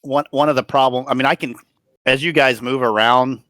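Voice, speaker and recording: A man running a tabletop game as dungeon master, thinking aloud with halting pauses. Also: medium pitch, steady tone, fairly bright tone, no room sound. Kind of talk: narrating a tabletop game over a call.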